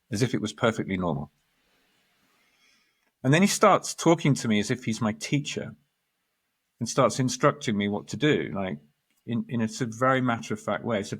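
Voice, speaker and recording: A man, a guest astrologer, telling a story in lively conversation, acting out quoted lines and restarting his sentences. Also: lowish voice, a little fast, breathy edge. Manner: animated storyteller, quotes others, restarts often.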